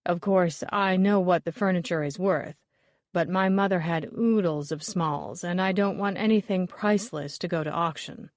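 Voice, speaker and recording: A woman's voice: lowish voice, normal speed, no echo, studio quality, natural voice. A woman voicing a fussy man with a stuffed-up, nasal voice.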